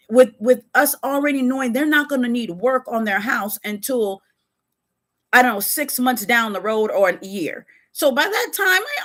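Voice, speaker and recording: Lively woman chatting on a live stream. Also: on the high side. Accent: Californian American English. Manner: animated, conversational, with asides to viewers. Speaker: webcam model giving advice on a live stream. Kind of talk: casual live-stream talk.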